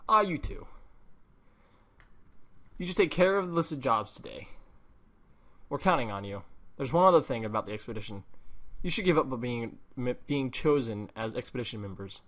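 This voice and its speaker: A man's voice: mid-range voice, animated, moderate pace, long pauses, fairly bright tone, close to an everyday voice. A man voicing a bossy, fussy male parrot guild assistant, reading game dialogue aloud in a stern, lecturing way.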